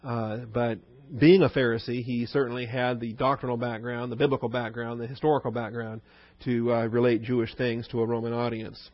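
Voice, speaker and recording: A man's voice: medium pitch, flat delivery, fairly quick, dry recording. A man giving a conversational Bible study lecture as the teacher, often asking his listeners questions. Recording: dull dry recording.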